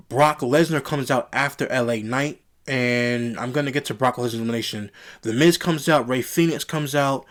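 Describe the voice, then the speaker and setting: A young man giving an exasperated, rambling solo review of a wrestling event, often repeating himself. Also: medium pitch.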